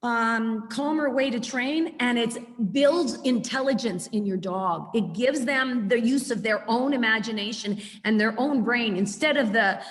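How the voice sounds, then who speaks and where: A woman giving a chatty, animated webinar lecture as a dog trainer over a video call. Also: fairly high pitch, unhurried, few pauses, in a large hall.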